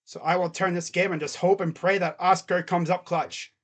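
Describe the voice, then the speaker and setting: A man calling live fan play-by-play, jumping to shouts on big plays and dropping to muttered asides between them. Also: high-pitched, fairly even intonation, normal speed. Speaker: fan commentator.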